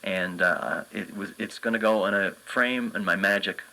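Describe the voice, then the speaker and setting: A man's voice: lowish voice, normal speed, creaky, bright, forceful tone, low-quality recording. A man who works as a children's entertainer and magician, speaking earnestly and enthusiastically as a guest in a radio interview, with many fillers and restarts.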